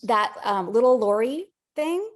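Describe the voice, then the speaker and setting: Woman chatting on a video call, upbeat and animated, tells stories with energy. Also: fairly high pitch, a little slow. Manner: enthusiastic, animated storyteller. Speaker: guest conflict practitioner. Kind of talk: casual conversation over video call.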